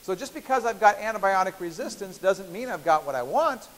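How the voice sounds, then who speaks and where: A fairly quick, expressive man with a high, fairly bright voice lectures a university biochemistry class, keeping things playful and conversational while often checking on his students. The large hall gives the hissy recording a long reverb.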